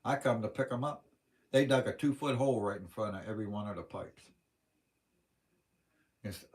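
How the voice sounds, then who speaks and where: A man with a Western Pennsylvania accent hosts a casual livestream, wandering from one story to the next in a folksy, plain-spoken way. His voice is a little low and a little mellow, and he keeps a moderate pace with frequent pauses.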